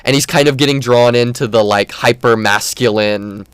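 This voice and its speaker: A man's voice: medium pitch, normal speed, fairly bright tone, clear, resonant tone, no echo. A man hosting a podcast, chatting casually and enthusiastically, rambling with many fillers. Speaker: podcast host. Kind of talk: casual chat.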